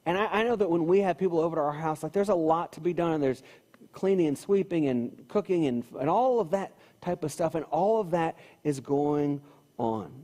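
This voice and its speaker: A man's voice: fairly high pitch, moderate pace, warm tone. A man preaching a sermon in a church, talking in a conversational way and repeating phrases for emphasis. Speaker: pastor. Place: church sanctuary. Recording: long hall reverb.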